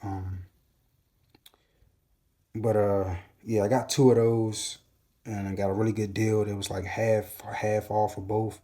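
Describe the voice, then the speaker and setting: A man with a lowish, mellow voice talks through a loose storytime recap. His speech is casual and profane, and he often stops to hunt for words and restart. It sounds like a relaxed solo monologue. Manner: casual, profane, hesitant with many fillers and restarts. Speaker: gun channel host.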